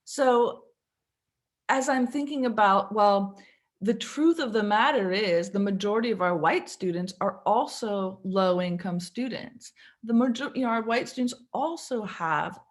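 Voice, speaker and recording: A woman's voice: medium pitch, a little slow. A woman college English instructor giving a candid, conversational webinar presentation over a video call, reflecting on her own teaching with frequent fillers.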